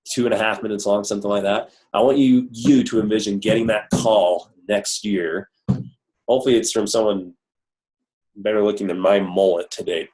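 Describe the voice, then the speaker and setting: A man's voice: fairly low pitch, a little mellow, rough recording. A man leading a motivational team call, upbeat and self-mocking as he coaches his listeners on. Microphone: conference call.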